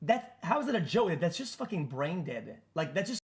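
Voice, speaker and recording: High-pitched guy ranting, annoyed and dismissive, casual stream clip. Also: big pitch swings, normal speed. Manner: irritated, dismissive.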